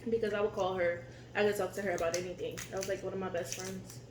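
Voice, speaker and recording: Animated woman telling stories, echoey room. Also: mid-range voice, fast talker, noisy background. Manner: animated, laughs easily. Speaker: co-host of a couple's channel. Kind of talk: casual storytelling chat.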